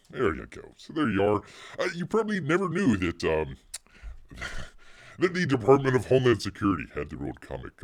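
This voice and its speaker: Middle-aged male stream host, deep voice swinging widely in pitch, sarcastic and rambling. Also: vocal fry. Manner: sarcastic, refers to himself in third person; rambling with many fillers and restarts. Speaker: livestream host. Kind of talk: casual livestream chat.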